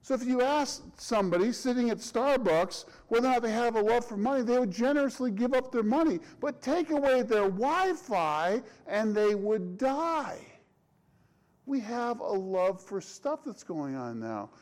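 A man's voice: very high voice, animated, moderate pace, a little mellow, poor audio. A middle-aged man, a pastor, delivering a conversational sermon with frequent restarts and rhetorical questions.

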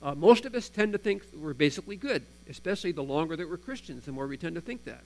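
A man's voice: on the high side, expressive, quick pace, low-quality recording. Earnest male preacher with a humming mic. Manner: earnest, reads scripture aloud with emphasis. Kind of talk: sermon. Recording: mains hum underneath.

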